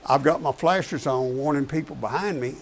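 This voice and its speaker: A man's voice: mid-range voice, a little fast, gravelly. Casting note: veteran trucker man, emphatic, repeats himself, faint hiss in the background. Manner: emphatic, repeats key words. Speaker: professional truck driver guest. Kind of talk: casual talk show chat.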